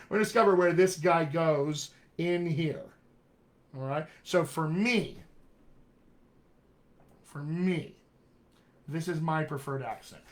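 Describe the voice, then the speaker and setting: General american guy w a bit of west texas, kinda high voice, coaching accents live, lots of "all right my friends". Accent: General American with West Texas and upstate New York traces. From Colorado, USA. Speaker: dialect coach. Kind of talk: live online accent lesson.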